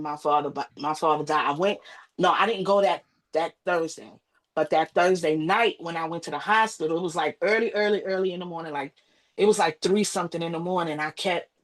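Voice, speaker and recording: An American woman, a podcast guest, telling a painful personal story and acting out the voices of her family as she goes. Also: poor audio. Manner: acts out quoted voices, rising high and emotional.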